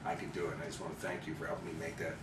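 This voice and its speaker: A man from Chicago, an interview guest, telling animated anecdotes and acting out the people he quotes. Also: a bass voice, racing. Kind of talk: storytelling interview. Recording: roomy, distant mic with background noise.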